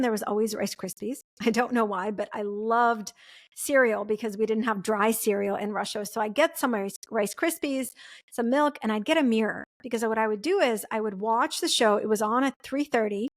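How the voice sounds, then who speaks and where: Earnest woman podcast host, slightly high voice. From former Soviet Union. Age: 40s. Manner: earnest and reflective, with frequent "right?" and "like". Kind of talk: personal storytelling monologue.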